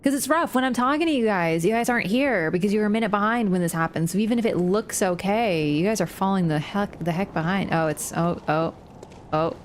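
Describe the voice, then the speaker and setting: A woman's voice: mid-range voice, fairly quick, a little hiss or hum. A woman streaming a video game, chatting casually to her viewers, apologetic and swearing now and then. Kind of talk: casual livestream chat.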